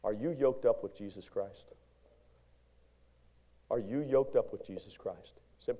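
A male pastor preaching a sermon in a church, animated, moving from shouts to hushed lines and calling out to the congregation. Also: lowish voice, a little slow, long pauses. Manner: call-and-response exhortation to congregation. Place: church sanctuary.

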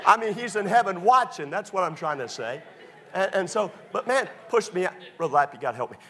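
A male pastor preaching a sermon through personal stories, swinging between loud excited bursts and hushed confessions. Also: high voice, fairly quick, a faint crowd.

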